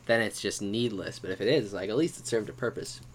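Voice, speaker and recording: A man's voice: lowish voice, a little fast, a little hiss or hum. A young man co-hosting a casual movie podcast, asking questions and teasing his friend. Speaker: podcast co-host.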